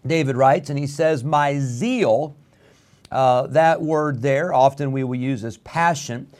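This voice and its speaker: A middle-aged pastor preaching an earnest radio sermon, often pausing on "uh" and building to fervent emphasis. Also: male voice, mid-range voice, a little mellow.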